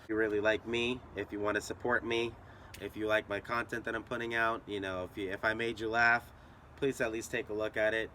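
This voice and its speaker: A man's voice: lowish voice, flat delivery, fairly quick, pushed and bright, a little hiss or hum. A young man telling a story to his channel in a casual, profane, rambling way.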